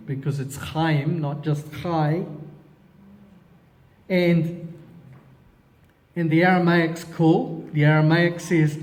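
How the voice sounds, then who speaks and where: High-voiced man teaching with long reverb. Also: slow, long pauses. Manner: animated, exclaims and asks himself questions, drops Hebrew words. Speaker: teacher leading a Bible study. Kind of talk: expository Bible teaching.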